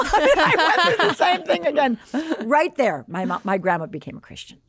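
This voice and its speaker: A woman's voice: high voice, quick pace, no echo, clean studio sound. A woman in her sixties from the Chicago area, telling a personal story as a podcast guest and acting out the quoted dialogue. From Chicago area, USA. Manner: animated, acts out quoted dialogue.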